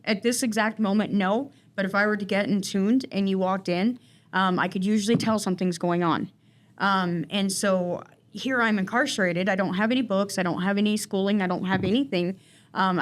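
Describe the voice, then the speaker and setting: Woman, guest interview, rambling, fillers and restarts, mid pitch. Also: normal speed. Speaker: guest in recovery. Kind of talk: personal storytelling interview.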